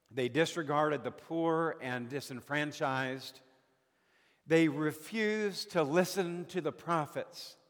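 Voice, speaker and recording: A man preaching a sermon as a pastor, slow and deliberate with dramatic pauses, recorded in a church sanctuary. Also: fairly high pitch. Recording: long hall reverb.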